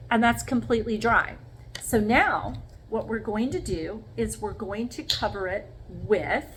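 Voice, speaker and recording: Lady doing a craft demo, kinda high voice, slow and chatty, keeps asking okay?, faint hiss behind. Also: a bit bright, poor audio. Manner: chatty, talks viewers through each step with frequent "okay?". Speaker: craft vlogger. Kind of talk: casual craft demonstration.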